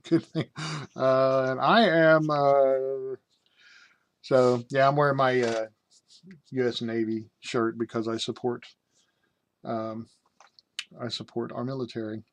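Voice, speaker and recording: With a fairly bright, medium-pitched voice and no echo, a middle-aged American man rambles through a casual tabletop game book review. Fillers come often, and so do joking asides that seem to amuse him.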